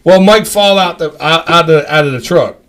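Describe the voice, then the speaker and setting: A man's voice: on the high side, normal speed, fairly bright tone. A man telling a rambling, profane story among friends. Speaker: storyteller on a live stream.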